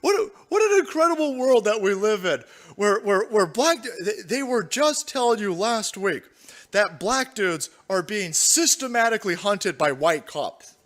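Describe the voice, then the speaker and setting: A man with a high, sing-song, fairly bright voice hosts a livestream at a slightly slow pace. He's crude and sarcastic, laughing often as he riffs with profanity and reads out donations.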